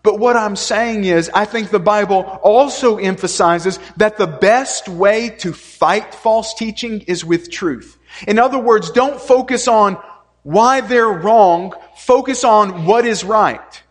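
A man's voice: high voice, slow. A male preacher delivering an earnest sermon, stressing points by repeating them. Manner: earnest, repetitive preaching with emphatic lists. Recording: long reverb of a hall.

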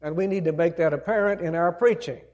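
Brief: a preacher with a fairly high voice, earnest and emphatic, retelling a parable in a sermon. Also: male voice, fast talker, darkish tone.

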